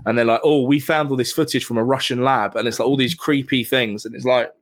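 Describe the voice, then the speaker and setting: A man in casual chat, swearing freely and laughing through animated stories. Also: medium pitch, fast.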